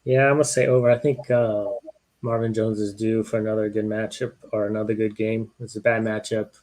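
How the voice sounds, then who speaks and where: A man's voice: on the low side, level tone, fairly quick, a little mellow. A man hosting a live-streamed sports podcast, chatting casually with easygoing, joking banter. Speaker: podcast host.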